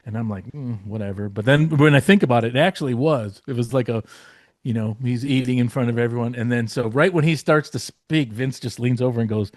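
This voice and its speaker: Male guest storyteller, mid-pitched, loose and rambling, curses freely, dry close mic. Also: fairly quick, dry recording. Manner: rambling, profane, lots of fillers. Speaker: podcast guest, former comedy writer. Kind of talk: casual storytelling.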